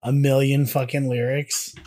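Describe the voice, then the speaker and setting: A man co-hosting a podcast in casual chat, wry and quick to swear. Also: medium pitch, flat delivery, warm tone. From American South. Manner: profane, wry banter. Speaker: podcast co-host.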